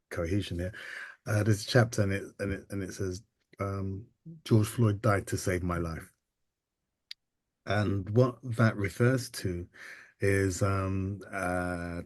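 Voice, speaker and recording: Deep-voiced man, halting and reflective. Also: no room sound. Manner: halting and reflective, many ums and restarts. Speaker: interview guest, photographer and artist. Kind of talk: casual interview storytelling.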